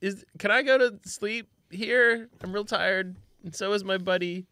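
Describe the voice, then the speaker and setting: A man speaking in character at a tabletop game, slow and drowsy, asking for a bedtime story. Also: sits high, sharp tone, no echo. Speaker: player.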